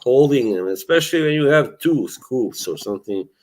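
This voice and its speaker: A man's voice: mid-range voice, animated, normal speed, very noisy. A man in casual chat who listens, laughs along and adds easygoing remarks. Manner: laid-back, laughs along, brief replies.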